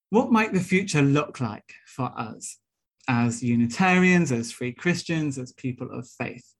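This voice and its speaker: A man's voice: medium pitch, vocal fry. A young Welsh man, a minister-elect, delivering a sermon-style talk with earnest, rhetorical storytelling. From Wales.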